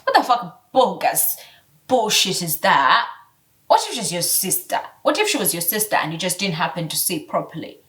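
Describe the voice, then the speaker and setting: A woman in her twenties ranting casually to camera, heated and profane, swinging between loud outbursts and low mutters. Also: sing-song, normal speed, distant mic. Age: 20s. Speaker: vlogger.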